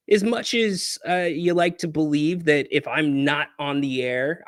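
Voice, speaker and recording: A man hosting a pregame sports show, joking and teasing his viewers in an animated, playful way. His voice sits a bit high for a man, recorded close and dry with no room sound. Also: no echo. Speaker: sports podcast host. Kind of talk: casual pregame chat with callers and chat. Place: hotel room, on location.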